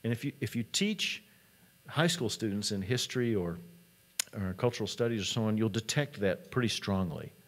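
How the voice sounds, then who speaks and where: A man's voice: fairly low pitch, expressive, normal speed. A man, a college president, giving a conference talk in a conversational storytelling manner.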